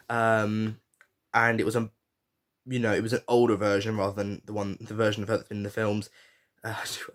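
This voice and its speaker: A man's low-ish, slightly bright voice carries his casual podcast review of a reality show. He speaks frankly, swears, and fills his talk with fillers and restarts.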